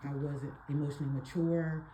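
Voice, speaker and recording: Woman, low mellow voice, reflective audience comment, faint noise. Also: little pitch movement, fairly quick. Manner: reflective, open. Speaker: audience member. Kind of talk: personal comment in discussion.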